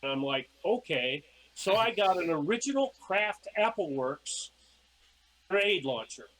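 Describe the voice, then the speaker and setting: A man with a fairly high voice tells casual stories as a podcast guest. He is animated and slips into acting out his own past lines as he goes. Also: measured pace, low-quality recording. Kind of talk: casual storytelling.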